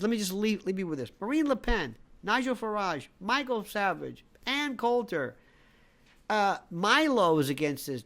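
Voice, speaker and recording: Animated sarcastic man ranting politics. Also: high voice. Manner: sarcastic, theatrical, rattles off lists. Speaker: political commentator.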